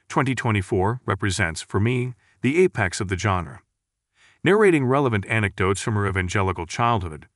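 An automated male voice reading a magazine article in a measured, scripted way. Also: lowish voice, fairly bright tone, no room sound, clean studio sound. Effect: synthetic text-to-speech voice. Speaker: article reader.

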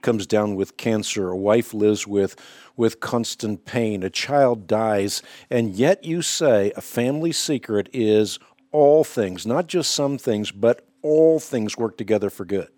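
A man hosting a radio interview, asking measured, deliberate questions. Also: fairly low pitch, darkish tone, no echo. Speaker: radio host.

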